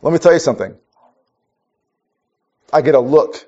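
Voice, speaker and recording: A man's voice: fairly high pitch, moderate pace, mellow. A man from Minnesota preaching a conversational sermon, telling stories wryly and often restarting his sentences. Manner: storytelling, wry, restarts often. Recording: dull lo-fi recording.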